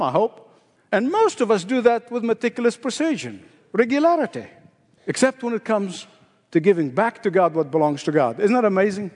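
A man's voice: high voice, darkish tone, long reverb tail. An older man preaching a sermon, emphatic and repeating key phrases for weight. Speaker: pastor.

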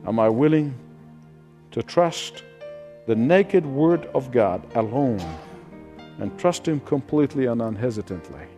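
Chuckling preacher in a reverberant hall. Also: male voice, medium pitch, animated, a little slow, pauses often, soft background music. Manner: storytelling, chuckles often, drops to quiet prayer. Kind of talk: sermon.

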